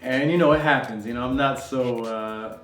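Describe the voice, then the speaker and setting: A man's voice: medium pitch, moderate pace, fairly bright tone, reverberant. Young man, casual storytelling, chatty with fillers, distant mic, faint background music. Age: young adult. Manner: loose, conversational, many fillers and laughs. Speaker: travel vlogger.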